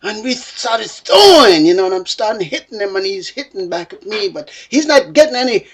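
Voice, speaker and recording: Husky, lively male storyteller. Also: high voice, normal speed. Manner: expressive, keeps saying "bloke" and "you know". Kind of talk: animated personal storytelling.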